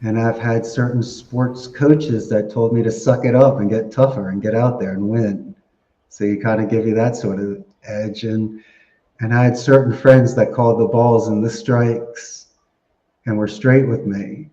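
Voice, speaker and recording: A man giving animated, story-filled interview answers and laughing often. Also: fairly low pitch, a little slow. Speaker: podcast guest. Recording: echoey, dull lo-fi sound.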